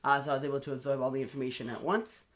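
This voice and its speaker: A man co-hosting a casual podcast, upbeat and animated, with a lot of fillers. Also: mid-range voice, racing. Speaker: podcast co-host. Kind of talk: casual chat.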